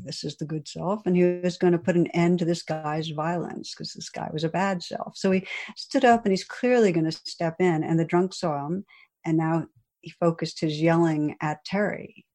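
A woman meditation teacher giving a dharma talk, telling a story in a gentle, reflective way with soft pauses. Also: fairly low pitch.

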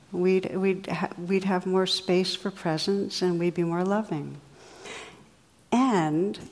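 A woman meditation teacher gives a gentle, unhurried dharma talk to her class. Her voice sits on the low side, calm and reflective. A long reverb tail follows her words, as in a large hall.

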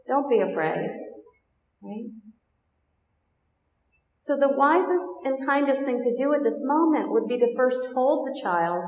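A woman meditation teacher giving a dharma talk to a group, gentle, unhurried and reflective. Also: a little high. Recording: echoey hall, dull lo-fi sound.

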